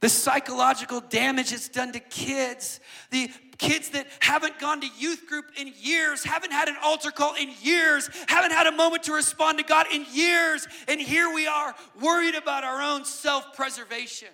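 A man preaching a passionate sermon as a guest speaker, building from quiet asides up to shouting. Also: very high voice, steady tone, normal speed, gravelly. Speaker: guest preacher and worship leader.

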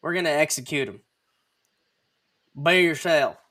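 A man's voice: fairly high pitch, animated, measured pace, sharp tone. A man hosting a comedy sports podcast, rambling and joking as he lets the talk flow. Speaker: podcast host. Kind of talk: casual sports chat.

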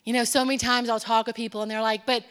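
A woman delivers a sermon in a church, her voice pitched a little high and ringing bright. She swings between soft, near-whispered stretches and rising, emphatic declarations. A long reverb trails every phrase through the hall. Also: little pitch movement, quick pace, clean tone. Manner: impassioned, swings from hushed to emphatic. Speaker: preacher. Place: church sanctuary.

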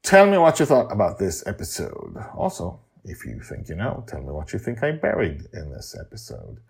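Gravelly, husky storyteller man. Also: sits low, normal speed. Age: older. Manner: animated, rambling asides. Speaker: podcast storyteller and author. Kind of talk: storybook narration and casual chat.

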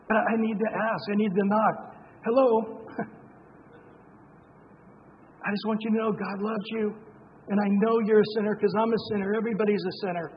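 A man's voice: high-pitched, a little hiss or hum. Emphatic man preaching in a reverberant hall. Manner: emphatic, conversational preaching with asides. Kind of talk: sermon. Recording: dull lo-fi sound with long reverb in a hall.

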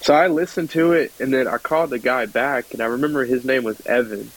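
A young man from the American South, a podcast guest telling a story in a relaxed chatty way and laughing often. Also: mid-range voice, a little fast, poor audio. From South Georgia, United States. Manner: chatty, laughs often, acts out voices in his stories. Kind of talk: casual storytelling.

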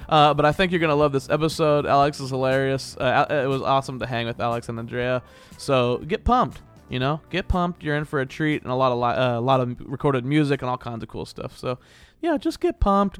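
A man's voice: clear, resonant tone, no echo, studio quality. Rambling, upbeat male podcast host. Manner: rambling and upbeat, with laughs and playful pitch jumps. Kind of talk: casual podcast intro monologue.

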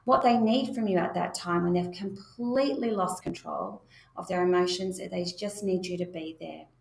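A woman's voice: lowish voice, fairly even intonation, moderate pace, gravelly, a little hiss or hum. A woman giving a spoken parenting lesson, talking straight to parents in a reassuring way. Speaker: parenting educator. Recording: echoey room.

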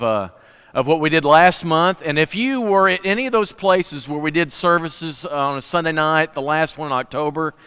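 A man's voice: on the high side, fairly bright tone, clean tone. A man preaching a casual, joking sermon with announcements, full of folksy asides and restarts, recorded in a church sanctuary. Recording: church hall reverb.

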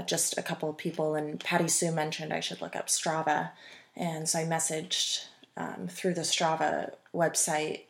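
Here a podcast guest, a runner in her twenties, speaks with a low, gravelly voice. She rambles through a relaxed interview, often saying um and starting over.

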